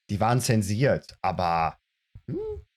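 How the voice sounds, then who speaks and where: A man live-streaming a video game, chatting casually and greeting viewers with animated reactions. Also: on the low side. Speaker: let's play streamer. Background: game music.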